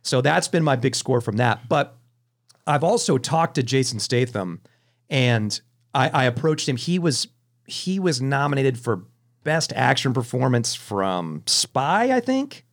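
Animated man telling movie anecdotes. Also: medium pitch, measured pace. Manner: animated anecdotes with frequent restarts. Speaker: podcast host. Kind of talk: casual storytelling chat.

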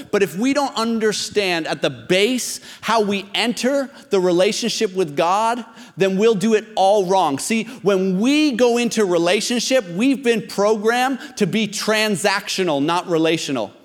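A pastor in his thirties preaching a sermon, talking conversationally and then pressing his point with emphasis. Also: high voice. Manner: conversational and emphatic, rising to exhortation. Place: church hall. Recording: long reverb of a large hall.

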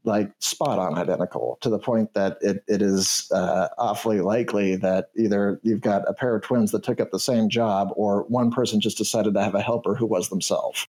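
A man narrating as game master of a tabletop role-playing game, halting and full of fillers. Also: fairly low pitch, steady tone, darkish tone, poor audio.

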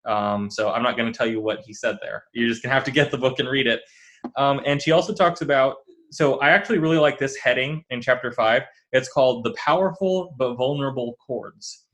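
A man hosting an interview, talking in a relaxed, casual way with many fillers. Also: mid-range voice, a little fast. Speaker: host.

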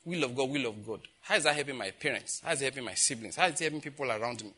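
Speaking very fast in a medium-pitched, breathy voice, a Nigerian-accented pastor in his fifties preaches and recounts personal stories. He gets loud and emphatic as he plays out conversations.

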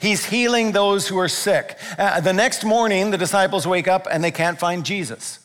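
A man preaching a sermon as pastor, telling stories with lively, playful quoted voices. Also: high voice, moderate pace. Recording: long reverb of a large room.

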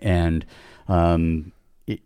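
A man's voice: sits low, flat delivery, extremely slow, warm tone, clear, resonant tone, dry recording. A middle-aged man telling a long casual story on a podcast, rambling with many restarts and asides. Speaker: podcast guest.

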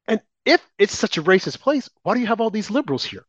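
A man's voice: high voice, sing-song, quick pace, a bit bright, breathy edge, no echo. A man co-hosting a political talk show, delivering emphatic, heated opinion commentary aimed at his co-host. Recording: dull, lo-fi and dry.

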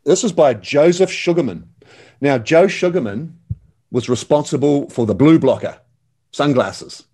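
A man's voice: a little high, animated, measured pace, warm tone, breathy edge. A man, talking as an enthusiastic, slangy guest in a casual interview. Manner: enthusiastic, slangy, calls the host mate.

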